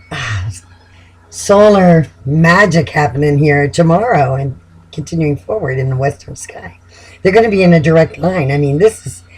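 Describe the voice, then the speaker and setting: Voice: mid-range voice, breathy edge, rough recording. A tarot reader in a casual, chatty reading who laughs often and repeats words while thinking.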